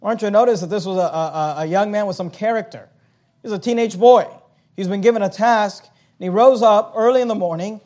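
High-voiced man preaching a sermon. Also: a little fast, darkish tone. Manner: earnest preaching, reads scripture aloud and explains it. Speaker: pastor.

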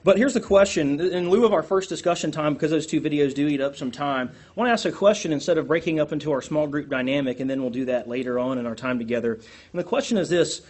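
A man teaches a church class, drawing the group out with questions. His voice is husky and sits a little high, and he talks in an animated way, poking fun at himself. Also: fast talker. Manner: animated, asks the group questions, self-deprecating.

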